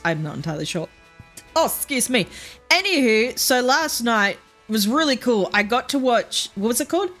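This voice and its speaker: A woman's voice: medium pitch, fairly bright tone. A young Australian woman chatting casually as a streamer while gaming, rambling, swearing freely and laughing often. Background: faint game music.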